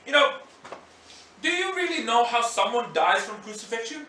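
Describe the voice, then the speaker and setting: Animated pastor. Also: male voice, extremely high pitch, normal speed, a little hiss or hum. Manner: animated, acts out scenes and voices. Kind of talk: sermon. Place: church hall. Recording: echoey hall, mic at a distance.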